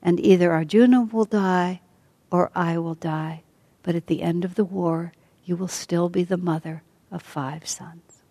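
A woman quietly voicing a grave doomed warrior prince. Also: lowish voice, steady tone, a little slow, no echo. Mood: resolute.

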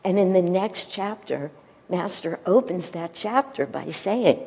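A woman gives a devotional talk, her voice a touch low and warm-toned. She tells the story gently and unhurriedly, stopping now and then to find the right word. Her voice rings with a long reverb, as if in a large hall. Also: lively intonation. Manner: gentle, storytelling, pauses to search for words. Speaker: spiritual teacher.

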